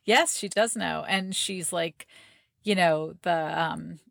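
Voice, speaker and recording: A woman's voice: fairly low pitch, slow, gravelly, fairly bright tone, no echo. A woman co-hosting a parenting podcast, talking casually and enthusiastically with many fillers and laughs. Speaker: podcast co-host. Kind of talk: casual chat.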